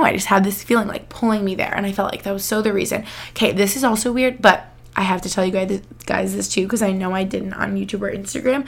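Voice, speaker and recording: Young woman with a gravelly fry. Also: medium pitch. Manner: chatty, rambling storytelling with many "like"s. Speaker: podcast host. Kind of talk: casual chat.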